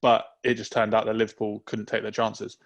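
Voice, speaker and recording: A man co-hosting a casual football podcast, giving relaxed, opinionated takes. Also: fairly low pitch. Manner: relaxed, opinionated, drawn-out reasoning. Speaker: podcast co-host.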